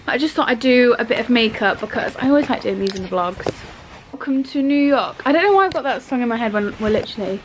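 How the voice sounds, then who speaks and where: A young woman chatting excitedly to camera in a casual travel vlog, swearing now and then. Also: fairly high pitch, slight background noise, poor audio. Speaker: vlogger.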